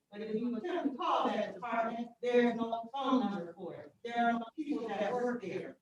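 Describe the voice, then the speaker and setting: A woman's voice: fairly high pitch, recorded from a distance. A woman council member speaking firmly at a council meeting, raising pointed objections. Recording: echoey chamber from afar, dull sound, crowd behind.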